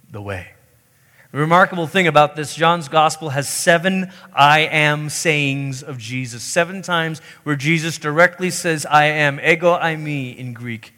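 Bright-voiced man preaching in a reverberant hall. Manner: emphatic, voicing quoted pleas in a higher pitch. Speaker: pastor. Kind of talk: sermon.

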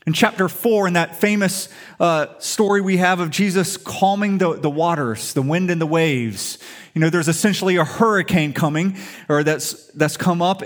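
A man preaching a sermon in an emphatic storytelling way, full of rhetorical questions. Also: on the high side. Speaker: pastor.

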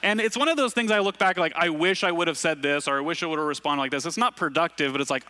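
A man from Arkansas preaching a relaxed, storytelling sermon, full of self-deprecating asides. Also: a little high, fast talker, hardly any pauses. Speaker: pastor. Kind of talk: conversational sermon.

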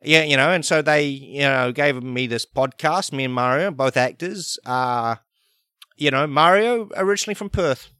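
A man, hosting a podcast in a rambling, deadpan comedic monologue full of fillers and restarts. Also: medium pitch, normal speed, smooth, dry recording, studio quality. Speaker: podcast host.

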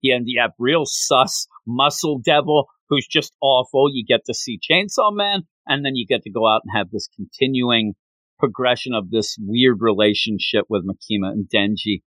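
A man co-hosting a podcast, recapping a manga chapter in an excitable, rambling way. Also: medium pitch, normal speed, no room sound, poor audio. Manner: excitable, rambling, acts out quotes. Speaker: podcast co-host.

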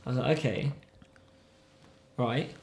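A man's voice: mid-range voice, fairly even intonation, fairly quick, a little mellow. A man chatting casually as a podcast co-host, telling stories animatedly with many fillers. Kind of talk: casual chat. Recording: roomy echo.

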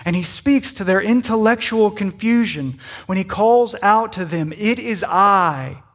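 High-voiced man preaching slowly. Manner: slow, deliberate preaching with conversational asides. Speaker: pastor. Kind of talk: sermon.

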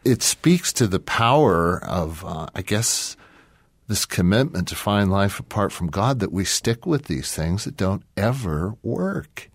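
A man co-hosting a Christian podcast, speaking calmly and reflectively with frequent quiet affirmations. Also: low voice, unhurried, breathy edge, dry recording. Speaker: podcast co-host.

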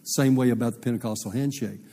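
A man's voice: mid-range voice, fairly even intonation, quick pace, mellow. A man pastor telling a personal story in a sermon, rambling and folksy with many fillers. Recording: long reverb of a church hall.

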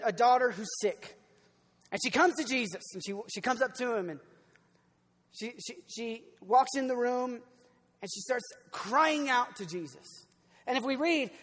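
A young man preaching in a relaxed, conversational way. He acts out the people in the story, swinging from loud cries down to near-murmurs. His voice carries a long reverb, as if in a large hall. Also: very high-pitched. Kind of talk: sermon.

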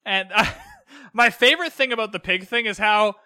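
A man's voice: high-pitched, normal speed, bright, forceful tone, clean tone, no room sound, studio quality. A young man hosting a casual solo podcast, rambling and opinionated with exasperated asides. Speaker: podcast host recapping a TV episode.

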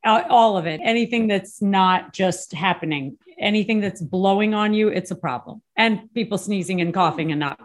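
A woman's voice: medium pitch, normal speed, hardly any pauses. A woman singer from the United States, a podcast guest talking in an easygoing way. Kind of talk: casual chat.

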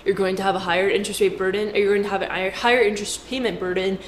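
A woman's voice: medium pitch, steady tone, very fast. Chatty woman in an echoey room. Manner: chatty and jokey, with playful asides. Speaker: finance commentator. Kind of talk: casual explainer talk to camera. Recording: roomy echo with faint background noise.

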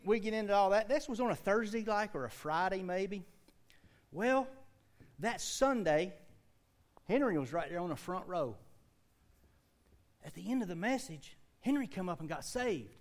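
Folksy Southern preacher with a high voice. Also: male voice. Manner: folksy storytelling with loud bursts and asides to the congregation. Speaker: pastor. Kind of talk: sermon.

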